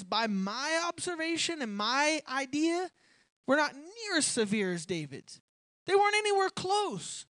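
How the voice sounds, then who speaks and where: High-voiced young preacher, dry close sound. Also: no room sound. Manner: conversational, building to forceful emphasis; chuckles between points. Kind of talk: sermon.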